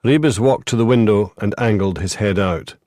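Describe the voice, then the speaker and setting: A man narrating a crime audiobook in a measured, even way. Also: lowish voice, no echo, clean studio sound. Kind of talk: scripted narration.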